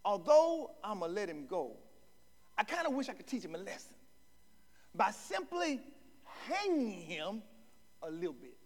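A man voicing an older president who grants mercy in a low, dry drawl. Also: very animated, rapid-fire, hardly any pauses, breathy edge, full character voice. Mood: wry. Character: weary, wry old president granting mercy.

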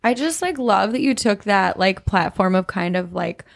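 A woman's voice: mid-range voice, animated, normal speed, creaky. A young woman with a Minnesota accent, co-hosting a podcast, enthusiastic and giggly. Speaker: podcast co-host. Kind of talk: casual chat.

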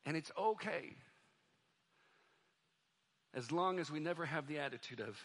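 Male pastor, slightly higher voice, bright and forceful, preaching in a church sanctuary, building to fervent peaks and dropping to quiet pleas. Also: animated, measured pace, long pauses. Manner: swings from loud, fervent preaching to soft, quiet appeals. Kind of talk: sermon.

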